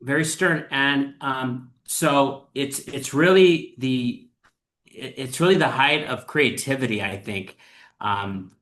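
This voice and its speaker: A man hosting a podcast, talking in a thoughtful, earnest way with many pauses and fillers. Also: mid-range voice, a bit bright. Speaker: podcast host. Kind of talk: casual chat.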